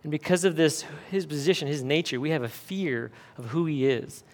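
A male pastor delivers a sermon in an emphatic, earnest manner. His voice sits a little high for a man, and he drives his points home with rhetorical questions. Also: normal speed, a little mellow.

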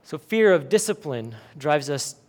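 A man's voice: a little high, animated, measured pace. A male pastor preaching a sermon emphatically, asking rhetorical questions.

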